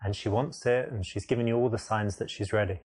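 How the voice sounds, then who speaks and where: A man playing a dating coach in a video game, giving calm, lecturing advice. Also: on the low side, a little fast, slightly rough. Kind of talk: scripted instructional game narration.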